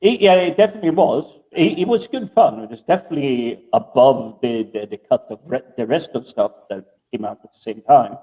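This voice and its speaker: Mellow-voiced man, rambling chat. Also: medium pitch, lively intonation, brisk, hardly any pauses. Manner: rambling, stammers and repeats words. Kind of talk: casual chat. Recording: distant from the mic.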